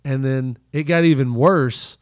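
A man telling childhood stories in casual chat, animated and profane, putting on voices for the people in them. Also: medium pitch, unhurried, no room sound, studio quality.

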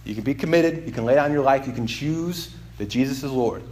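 A man's voice: medium pitch, brisk, a little mellow, a little hiss or hum. A male pastor giving a casual, confessional sermon, self-deprecating and rambling, with lots of fillers and restarts. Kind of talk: conversational sermon.

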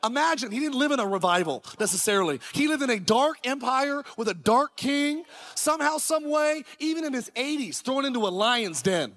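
A man, a pastor, preaching an energetic sermon in a church, with rhetorical questions and shouted lines. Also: very high voice, fairly quick. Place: church sanctuary.

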